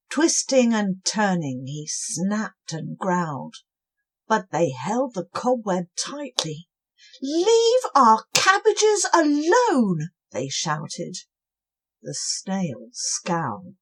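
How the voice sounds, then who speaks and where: A woman telling a bedtime story very slowly and softly. Her breathy voice rises and falls in an animated way, gentle all the while. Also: sits low. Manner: slow and gentle, with lively swings. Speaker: children's storyteller.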